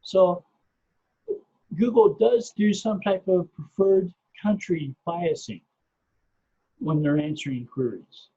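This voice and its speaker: A middle-aged man speaks in a high, warm-toned voice with a husky edge. He explains things patiently, step by step, often repeating his first word. The podcast audio sounds dull and muffled. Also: takes it slowly, pauses often. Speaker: podcast guest, SEO researcher. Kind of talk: casual explanatory interview talk.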